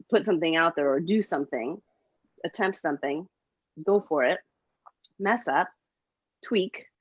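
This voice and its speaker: A middle-aged woman talks in a casual motivational chat with a fairly low voice. She is upbeat and encouraging, with lots of ums and likes. The sound is dry and a little muffled. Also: no room sound. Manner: upbeat, encouraging, many fillers. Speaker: co-host.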